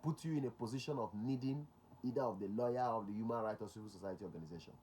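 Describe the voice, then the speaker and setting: A man's voice: lowish voice, rapid-fire, warm tone, a little hiss or hum. A man with a Nigerian accent, a security consultant hosting a talk show. He speaks emphatically, repeats his key points and slips into Pidgin.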